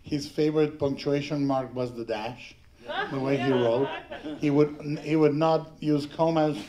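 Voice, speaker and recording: A middle-aged man from Mexico speaking as a panelist at a film tribute, telling rambling, halting anecdotes with frequent restarts and laughter. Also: on the high side, steady tone, lo-fi sound, a crowd in the background. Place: panel before an audience.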